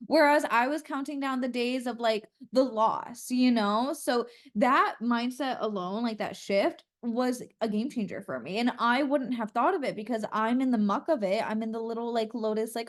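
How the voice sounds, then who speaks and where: A woman's voice: fairly high pitch, normal speed, few pauses. A young woman co-hosting a podcast in person, talking candidly and earnestly, with lots of "like" and casual swearing. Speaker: podcast co-host. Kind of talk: casual chat. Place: in person with co-host.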